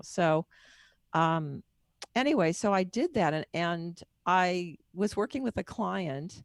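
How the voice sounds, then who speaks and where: Gravelly, dry-voiced woman telling her story. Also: on the low side, lively intonation, unhurried, dry recording. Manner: candid, personal, discursive. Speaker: guest author and book marketing coach. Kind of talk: candid podcast interview storytelling.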